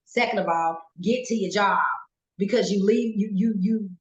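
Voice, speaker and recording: Animated, goofy woman storyteller; roomy, echoey home recording. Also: mid-range voice, moderate pace, dull audio. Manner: goofy and animated, acts out quotes. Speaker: guest. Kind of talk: casual storytelling. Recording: roomy echo. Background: pet rabbit scratching cage.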